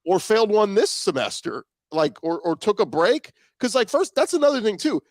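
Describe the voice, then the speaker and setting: A man's voice: sits high, sing-song, normal speed, no echo. A man co-hosting a sports podcast, making his case with lots of fillers. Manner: argumentative, filler-heavy. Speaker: podcast co-host. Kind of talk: casual sports chat.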